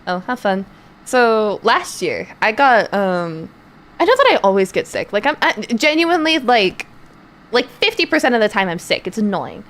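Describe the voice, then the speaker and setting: A young woman chats on her stream at a middling pitch, rambling through a story with plenty of fillers and casual swearing. She talks loosely and unscripted into a streaming mic. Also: big pitch swings, moderate pace, fairly bright tone. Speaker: streamer and voice actor.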